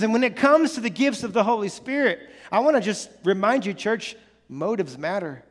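High-voiced preacher in a big reverberant hall. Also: male voice, expressive, moderate pace. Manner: earnest, repetitive emphasis with many restarts. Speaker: pastor. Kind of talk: sermon.

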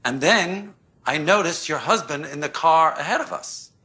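A man in a sitcom scene who explains an awkward event in a halting way. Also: on the high side, lively intonation, bright, forceful tone. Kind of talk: sitcom dialogue.

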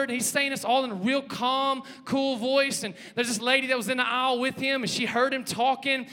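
A man, preaching a lively sermon, joking and calling out to the congregation. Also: very high voice, brisk, hardly any pauses. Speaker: pastor. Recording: long hall reverb.

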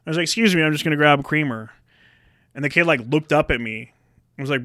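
Young male podcast co-host. Bright, dry-miked voice, slightly high; swears a lot, rants, acts out the people he quotes. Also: quick pace, no echo. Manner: profane, animated storytelling with acted-out quotes. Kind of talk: casual ranting chat.

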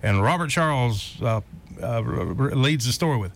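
A man's voice: medium pitch, lively intonation, normal speed. A man hosting a casual radio talk show, telling folksy anecdotes with plenty of fillers. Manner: storytelling, folksy, trails off with fillers.

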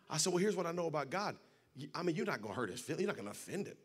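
High bright-voiced preacher. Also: male voice, sing-song, fast talker, slightly rough. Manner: builds from quiet storytelling to shouted preaching. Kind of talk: sermon storytelling.

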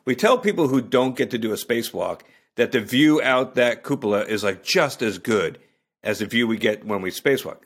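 A man tells a story as a guest in a casual conversation. He speaks at an ordinary middle pitch. He restarts his sentences often and talks in a loose, chatty way. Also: lively intonation, normal speed. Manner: chatty, many restarts and fillers.

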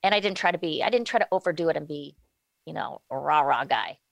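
A woman in her forties speaks candidly as a guest in an interview, stopping and restarting her thoughts as she goes. Her voice sits a little low. The sound is dry and close, with no room in it. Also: animated, gravelly, no echo. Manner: candid, halting with many restarts. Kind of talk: casual interview talk.

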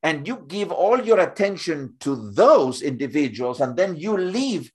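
A man talking as a guest in an interview, halting and repeating words as he builds up examples. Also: on the high side, sing-song, a little mellow, slightly rough. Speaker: guest speaker. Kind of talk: conversational interview.

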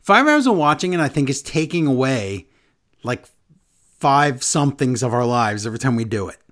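A man's voice: medium pitch, expressive, moderate pace, fairly bright tone. A man hosting a podcast, chatting casually and rambling, often correcting himself. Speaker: podcast host. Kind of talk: casual chat.

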